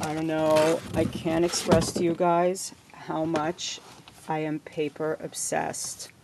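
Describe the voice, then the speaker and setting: Seated at her home desk, a middle-aged crafting vlogger opens a gift package and pours out lavish thanks. She has a lowish, gravelly voice, captured in a noisy home recording full of rustling paper.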